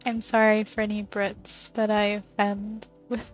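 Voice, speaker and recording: A woman's voice: mid-range voice, monotone, measured pace, soft background music. A woman streamer playing a video game, reading its text aloud and chatting casually, often giggling. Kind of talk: casual let's-play commentary.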